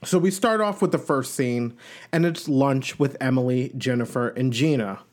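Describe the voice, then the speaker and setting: A man's voice: mid-range voice, moderate pace. A man from Long Island, New York, hosting a podcast and giving a chatty, gossipy recap of a reality show with playful asides. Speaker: podcast host.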